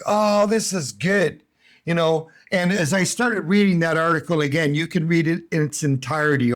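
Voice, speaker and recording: A man coaching English learners in a casual, emphatic talk, often repeating his key points. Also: on the high side. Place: home in Brazil.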